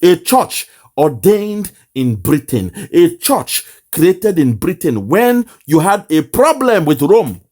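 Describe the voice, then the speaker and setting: A man's voice: a little high, big pitch swings, slow, few pauses, a little mellow. A man with a Nigerian accent giving impassioned political commentary, lamenting and repeating phrases for emphasis. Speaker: online commentator.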